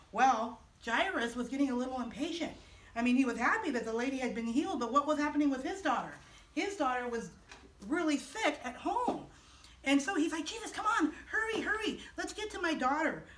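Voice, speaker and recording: A woman telling children a story in chapel. She is animated and expressive, with dramatic pauses and playful questions to the listeners. Her fairly high voice is heard from some distance in an echoey room. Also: slight background noise.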